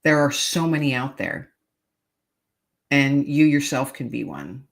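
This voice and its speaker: A woman's voice: rumbling low, expressive, measured pace, creaky. A middle-aged woman, a podcast guest, earnestly telling a heartfelt personal story in conversation and repeating key phrases for emphasis.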